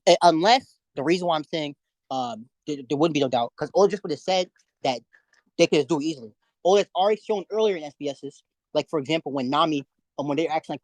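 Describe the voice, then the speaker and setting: A man's voice: a little high, darkish tone, dry recording, low-quality recording. A young man arguing insistently in an online debate over a voice call, lecturing and repeating his points.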